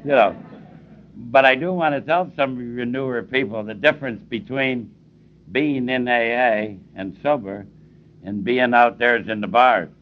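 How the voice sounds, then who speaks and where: A man's voice: medium pitch, measured pace. An older man speaking at a recovery meeting, plainspoken and emphatic, repeating key phrases for stress. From Cleveland, US. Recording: dull lo-fi tape recording.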